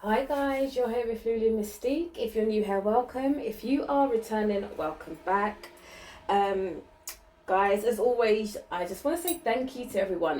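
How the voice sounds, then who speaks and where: A woman's voice: fairly high pitch, expressive, moderate pace, a little mellow. A woman reading spiritual cards in a casual vlog, chatty, with many fillers and restarts, recorded indoors in a small room. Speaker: spiritual card reader. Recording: echoey room.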